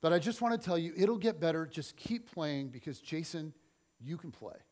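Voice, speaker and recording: A middle-aged pastor preaching in church, his voice sitting a little higher than most men's. He tells a personal story as he preaches, and he shifts often between loud, pushed lines and quiet, dropped ones. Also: normal speed. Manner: animated, swings between loud and soft.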